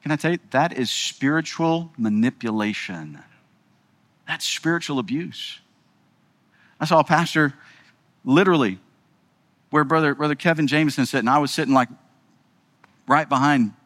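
Brief: male pastor preaching, emphatic and conversational, a touch high-pitched. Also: moderate pace, long pauses, a bit bright. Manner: emphatic, rhetorical, keeps asking the audience "right?". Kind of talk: sermon.

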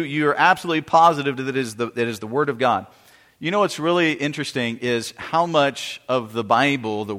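A pastor preaches earnestly, his medium-pitched voice a little bright. He repeats himself, often restarts phrases, and puts questions to the congregation. Long hall reverb colors the recording.

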